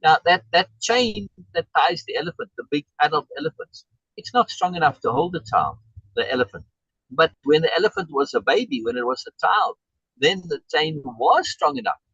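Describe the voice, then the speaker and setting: A male life coach speaks with a gravelly, husky voice and lively, swooping pitch. He stresses his points by repeating words. The sound is a dry, muffled video call. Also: normal speed, no echo.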